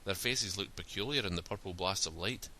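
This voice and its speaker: Low-voiced man reading a story. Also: a little fast, pushed and bright. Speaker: narrator.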